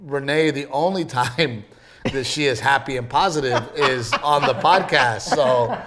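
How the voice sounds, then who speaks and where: A man's voice: a little slow, crowd noise. A man in his thirties co-hosting a podcast in casual chat, telling stories and acting out quotes with big jumps in voice. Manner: animated storyteller, acts out quotes with big pitch jumps. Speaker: podcast co-host.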